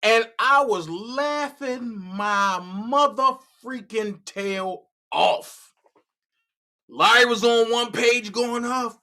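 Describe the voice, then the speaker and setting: A man's voice: very high voice, drawn-out words, pushed and bright. A man hosting a live stream, talking casually and animatedly, stammering and repeating words. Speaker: livestream host.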